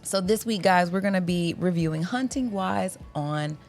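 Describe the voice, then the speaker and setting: A woman's voice: lowish voice, normal speed, darkish tone, faint music behind. A woman co-hosting a book podcast in casual chat, playful and laughing often. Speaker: podcast co-host.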